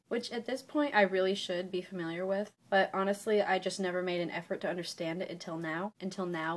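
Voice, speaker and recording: A young woman vlogging casually from her bedroom, explaining poetry with playful, self-mocking asides. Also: medium pitch. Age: young adult. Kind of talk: casual educational vlog.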